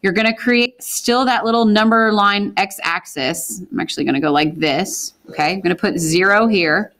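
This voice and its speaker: Woman, math teacher in a classroom, brisk, quizzes the students as she works. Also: mid-range voice, fairly bright tone. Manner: brisk, asks the class questions and answers them. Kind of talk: classroom lecture with questions to students.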